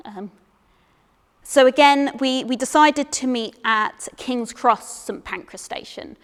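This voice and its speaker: A young woman tells a comic story from a theatre stage in a fairly high voice. She is chatty and self-deprecating, and she trips over repeated words. A long stage reverb trails behind her voice. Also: takes it slowly. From England. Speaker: solo performer.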